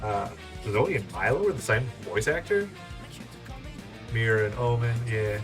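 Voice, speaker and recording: A man's voice: mid-range voice, sing-song, measured pace. A man hosting a casual let's play, chatting, laughing and reading the game text aloud. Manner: chatty, giggly, loose. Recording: off-mic with faint music.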